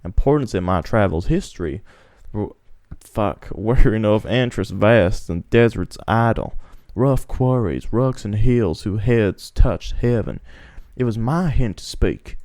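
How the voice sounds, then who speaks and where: A man reading as a grave soldier, low and dry. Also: lively intonation, a little mellow, dry recording. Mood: measured. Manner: stumbling over words, halting. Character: noble soldier telling his story, grave. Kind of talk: comic script reading.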